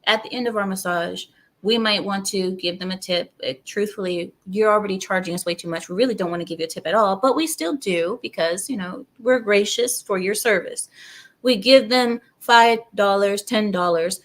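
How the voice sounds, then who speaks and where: A woman's voice: medium pitch, normal speed. Ranting woman host talking to viewers. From outside America. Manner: animated, ranting, asides to viewers. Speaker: channel host. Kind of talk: casual opinion commentary to viewers.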